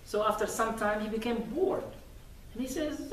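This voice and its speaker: A man's voice: high voice, normal speed, a bit bright, slight background noise. A man giving a Friday sermon, telling stories animatedly with acted quotes. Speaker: preacher. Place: mosque. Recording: echoey mosque hall from far off.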